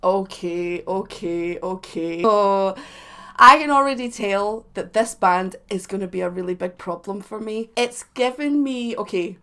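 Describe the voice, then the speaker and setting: Brief: woman music reaction host, playful and self-mocking, animated. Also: mid-range voice, normal speed, hardly any pauses. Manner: animated, with sudden loud bursts. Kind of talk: casual reaction commentary.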